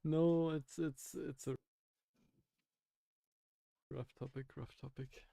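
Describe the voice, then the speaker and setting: A young man streaming while coding, chatting casually with his viewers and thinking aloud in a halting way with frequent laughs. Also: fairly high pitch, fairly even intonation, vocal fry, dark tone, no room sound, studio quality.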